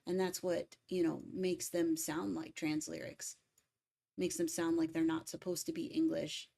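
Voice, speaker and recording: A woman's voice: low-pitched, flat delivery, a little slow, vocal fry, mellow. A young adult woman chatting casually and emphatically on a music livestream. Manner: opinionated, emphatic about word stress. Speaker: music cover artist streaming.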